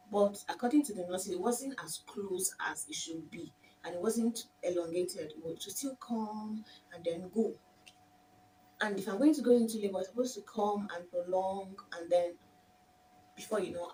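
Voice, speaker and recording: Nigerian woman telling her story, far from mic. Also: medium pitch. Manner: emotional, animated, addresses viewers as "my dears". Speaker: vlogger. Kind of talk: personal storytelling. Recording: distant mic with faint background noise.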